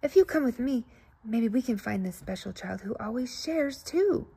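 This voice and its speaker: A woman's voice: on the high side, expressive, moderate pace, vocal fry, warm tone, slightly rough, exaggerated voice. A woman voicing a cheerful, smiling young male bunny in a children's story read aloud, eager and bouncy.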